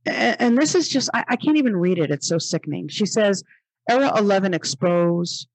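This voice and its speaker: Husky-voiced woman, emphatic podcast host. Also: medium pitch, animated, brisk, dry recording. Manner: emphatic and exasperated, repeats phrases for stress; reads passages aloud and rebuts them. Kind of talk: religious commentary podcast.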